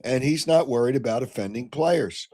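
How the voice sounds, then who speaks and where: An older man hosting a call-in sports radio show, blunt and opinionated, clearing his throat as he gets over a cold. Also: mid-range voice, normal speed. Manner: blunt, opinionated, flares into shouting. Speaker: sports talk radio host.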